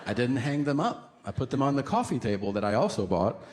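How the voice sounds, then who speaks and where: Animated stand-up comedian man. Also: mid-range voice, fairly quick, very noisy. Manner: animated storytelling, acts out voices, bursts into yelling. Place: comedy club stage with laughing audience. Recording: live club with loud crowd laughter.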